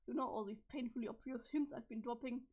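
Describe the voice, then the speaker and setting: A woman reads as a cryptic teenage boy from the future in a webcomic read-aloud. He speaks flat and measured, his voice husky and a touch high. The voice sounds strained. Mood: deadpan. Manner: flat, measured, unhurried delivery. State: strained, failing voice. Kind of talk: reading a webcomic's chat logs aloud.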